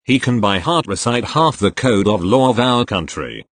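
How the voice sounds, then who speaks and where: A male narrator reading posts aloud in a matter-of-fact way and spelling out each abbreviation. His voice is fairly low but moves a lot in pitch. The recording is dry and close, with no room sound. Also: very animated, normal speed, no room sound. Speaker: story reader. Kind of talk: scripted narration of online posts.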